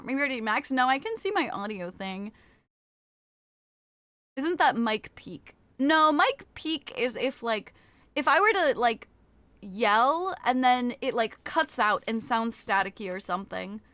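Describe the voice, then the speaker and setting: Bright-voiced chatty woman streamer. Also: fairly high pitch, big pitch swings, measured pace, dry recording. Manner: chatty, greets viewers by name, restarts sentences. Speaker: live streamer. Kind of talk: casual live-stream chat. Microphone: desktop mic with a limiter.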